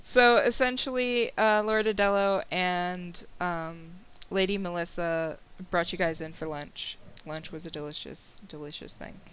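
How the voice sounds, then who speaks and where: A woman's voice: fairly low pitch, fairly even intonation, a little slow, hardly any pauses, fairly bright tone, clean tone. Casual, swearing woman game master. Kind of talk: narrating a tabletop game. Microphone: open mic, recording session.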